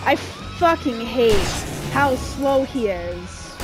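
A woman giving frustrated live commentary while playing a video game, shouting orders and complaints at the character. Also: a little high, big pitch swings, slow, few pauses. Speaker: gameplay streamer. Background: game music.

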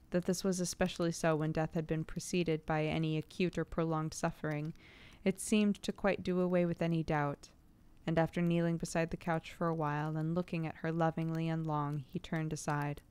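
A woman reading a classic novel aloud to a stream audience, measured and unhurried. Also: fairly low pitch, clear, resonant tone. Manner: measured reading, breaks off laughing at stumbles.

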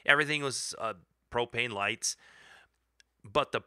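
A man's voice: mid-range voice, measured pace, bright, forceful tone, clean tone, no echo, clean studio sound. A man co-hosting a podcast who tells a rambling, self-deprecating story and laughs often. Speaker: podcast co-host. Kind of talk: casual chat, storytelling.

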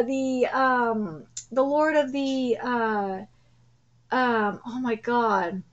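Streamer, woman: unhurried, drawn-out delivery, profane and excitable, casual reaction chat. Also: on the high side, muffled recording. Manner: excitable and profane, trailing fillers. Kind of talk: casual live reaction, reading aloud.

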